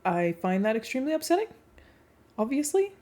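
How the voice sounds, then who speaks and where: A woman's voice: a little high, big pitch swings, brisk, dark tone. A woman streamer reacting live on her stream, blunt and emotional, swearing freely.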